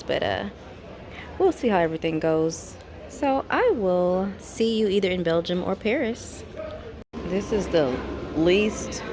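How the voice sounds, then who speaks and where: A woman talking casually to her phone camera in an airport for a travel vlog, chatty and expressive, venting her frustrations as she goes. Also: sits low. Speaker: travel vlogger. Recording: noisy airport ambience.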